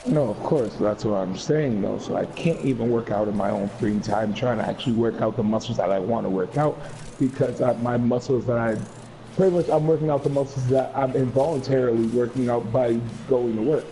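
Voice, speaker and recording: A man's voice: medium pitch, fairly quick, dark tone, slight background noise, rough recording. A man chatting casually with a friend over voice chat, laid-back and swearing freely.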